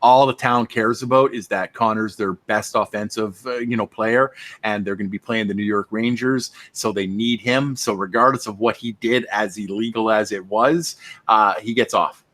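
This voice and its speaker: A man co-hosting a casual film discussion podcast, talking in an animated, conversational way and laughing as he goes. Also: lowish voice, normal speed, no echo. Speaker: podcast co-host.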